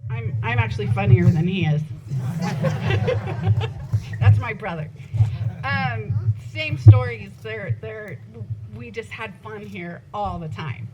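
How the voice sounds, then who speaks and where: A woman giving an informal eulogy, halting with many ums and laughing between stories, at an outdoor gathering. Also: mid-range voice, very animated. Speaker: eulogy speaker. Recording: dull lo-fi sound with loud background noise.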